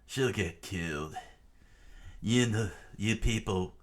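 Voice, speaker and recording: A man reading a stubborn, loyal young male hero with laid-back, slangy talk, low and slow. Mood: defiant.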